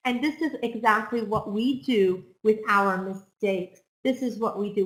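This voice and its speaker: Woman counselor, fairly high voice, earnest and encouraging, addresses the audience, echoey room. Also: fairly bright tone. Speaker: counselor speaking on self-esteem. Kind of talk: talk to an audience.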